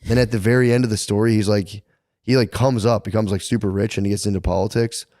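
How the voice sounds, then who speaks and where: A man's voice: fairly low pitch, steady tone, fast talker, warm tone, no echo, clean studio sound. A man co-hosting a podcast, telling a long story in a rambling, profane way, full of "like" fillers. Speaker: podcast co-host. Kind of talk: casual chat.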